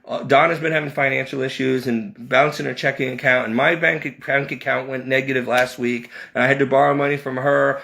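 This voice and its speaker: A man telling a personal story in a rambling way, with restarts and repeated words, his pitch climbing when he relives his anger. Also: steady tone, a little fast, gravelly, few pauses, sharp tone, slight background noise. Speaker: video creator.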